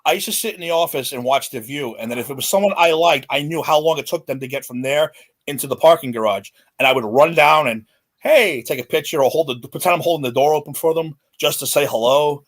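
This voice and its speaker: Man in his 40s, guest on a chat podcast, fast and lively storyteller, slightly high voice. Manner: excited, animated anecdote-telling. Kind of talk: casual storytelling.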